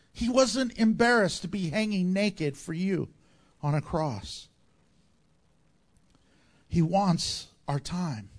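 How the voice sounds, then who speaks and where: A man preaching a sermon as pastor, swinging between loud emphatic lines and hushed ones. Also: high-pitched, lively intonation, slow pace, pauses often.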